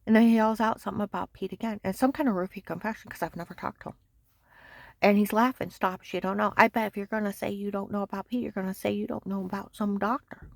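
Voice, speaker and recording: A woman with a gravelly, fry-edged voice talks in a rambling, insistent monologue. She circles back to the same points and now and then sinks to a hushed near-whisper. The sound is dry and close, with no room around it. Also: mid-range voice, fairly even intonation, fast talker, dry recording. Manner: agitated, insistent, repeats herself. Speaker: vlogger.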